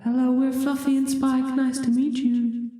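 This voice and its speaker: Chirpy telepathic squid pets. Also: male voice, completely flat delivery, dark tone, reverberant. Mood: curious. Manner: high, slow, questioning.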